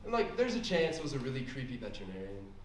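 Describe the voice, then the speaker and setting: A man's voice: medium pitch, sing-song, fast talker, far from the mic. A young man closing a stand-up comedy set in a rambling way, laughing at his own jokes. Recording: echoey club room, mic heard from afar, noise.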